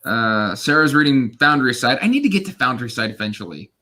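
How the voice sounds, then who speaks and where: A man's voice: mid-range voice, very animated, brisk, sharp tone. A man hosting a casual reading livestream, chatty and self-deprecating, with lots of fillers. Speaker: livestream host. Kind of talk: casual chat.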